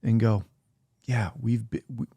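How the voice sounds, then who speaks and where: A man co-hosting a casual talk show, explaining ideas in a relaxed conversational way and acting out his own inner voice. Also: lowish voice, unhurried, vocal fry, slightly rough, no echo. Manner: conversational, talks through ideas with quoted self-talk. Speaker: podcast co-host. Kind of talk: casual faith-based chat.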